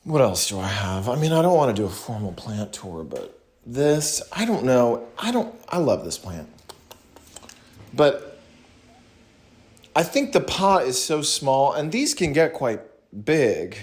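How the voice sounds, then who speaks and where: A young man from the American South, chatting casually to viewers in a slow, rambling way with many pauses and restarts, in a put-on voice. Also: mid-range voice, sing-song. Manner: talking in a put-on different voice today. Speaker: vlogger talking to viewers. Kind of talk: casual rambling livestream chat.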